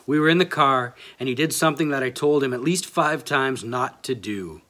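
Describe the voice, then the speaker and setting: A man gives a sermon in a relaxed, self-deprecating way. His voice sits at an ordinary middle pitch. He reads passages aloud from scripture and from a book. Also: moderate pace.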